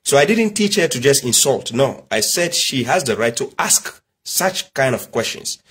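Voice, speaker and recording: A middle-aged religious commentator from Nigeria speaks at a moderate pace in a medium-pitched, sing-song voice that is a bit bright with a breathy edge. His emphatic, preachy monologue is packed with rhetorical questions and family stories.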